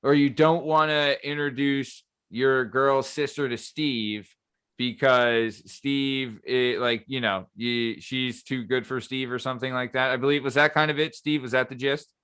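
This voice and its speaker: A man's voice: medium pitch, fairly even intonation, a little slow, fairly bright tone, clear, resonant tone. A man hosting a casual podcast, laid-back and chatty. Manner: laid-back, says "like" and "yeah" a lot. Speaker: podcast host.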